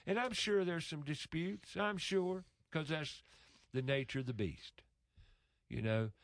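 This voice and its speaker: A man's voice: on the high side, a little slow, dry recording. A man speaking in a casual conversation, telling an emotional story earnestly with frequent restarts.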